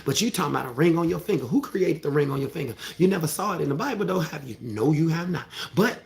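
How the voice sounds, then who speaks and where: A man's voice: a little high, lively intonation, fast, vocal fry. A man preaching a sermon in a colloquial, emphatic way, often checking with his listeners and repeating phrases as he builds up. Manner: colloquial and repetitive, with rising, fervent passages.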